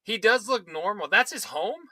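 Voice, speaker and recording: A man's voice: high voice, lively intonation, normal speed, pushed and bright, dry recording, poor audio. A man co-hosting a podcast in casual chat, incredulous and swearing freely. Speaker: podcast co-host.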